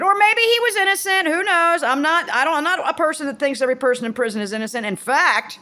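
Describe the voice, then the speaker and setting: A woman's voice: sits high, lively intonation, fast, hardly any pauses, sharp tone. A woman in her fifties talking casually to camera, rambling and blunt, swearing freely and restarting her sentences. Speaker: vlogger.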